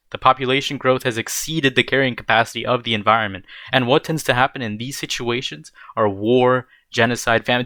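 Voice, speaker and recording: A man's voice: mid-range voice, fairly bright tone, dry recording. A young man giving casual, blunt commentary while reacting to a video, rambling and dropping bro and dude.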